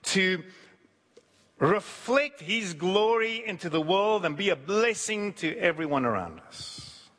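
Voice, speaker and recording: Preacher guy, high-ish bright voice, big echoey hall, acts out the quotes. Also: animated, slow. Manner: acts out quoted voices with swings in pitch and pace. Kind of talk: sermon. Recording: long hall reverb.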